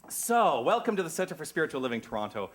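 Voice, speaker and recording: A man's voice: a little high, sing-song, quick pace. A man from the United States welcoming a congregation as minister, chatty and effusive with rambling asides. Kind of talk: church service welcome.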